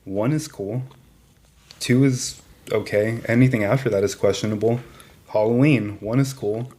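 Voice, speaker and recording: A man's voice: lowish voice, normal speed, dark tone. Blunt, profane man ranting casually. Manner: blunt, profane, emphatic opinions. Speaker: podcast co-host. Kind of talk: casual chat.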